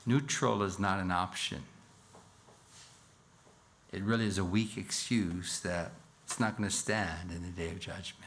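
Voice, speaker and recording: A male pastor preaching in a church, speaking slowly in a fairly low voice. He stays earnest and leans into emphatic scripture readings and rhetorical questions, with a faint hum of the room behind him. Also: a bit bright. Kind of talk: expository sermon.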